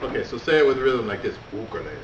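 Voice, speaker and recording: A man's voice: medium pitch, fast, a little hiss or hum, pitched below the performer's own voice, lightly acted. A man playing a jolly male islander who laughs and coaxes a live youth group audience through a comedy skit. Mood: cheerful coaxing. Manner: playful, laughing, coaxing the crowd. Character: jolly male islander named Brother Joe. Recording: echoey hall, far mic, dull, loud crowd.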